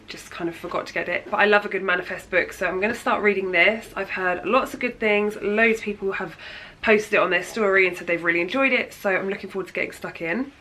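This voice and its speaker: A woman's voice: mid-range voice, bright, forceful tone, rough recording. A thirty-year-old woman with a chatty, gushing manner, showing birthday gifts in a casual vlog. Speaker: beauty vlogger. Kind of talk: casual haul chat.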